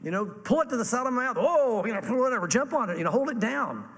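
A man preaching a sermon to a congregation, animated and acting out the voices he quotes. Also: very high voice, quick pace, big-room sound. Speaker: pastor.

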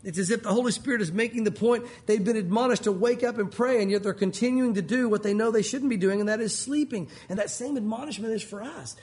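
A man preaching a sermon as pastor, animated and earnest, his voice rising and falling. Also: high voice, fast talker, few pauses.

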